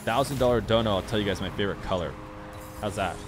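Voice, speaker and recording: Young male streamer, lowish voice, easygoing rambling chat with viewers, game music clearly under him. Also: fast. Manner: relaxed, rambling, talks straight to chat. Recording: music playing clearly behind the voice.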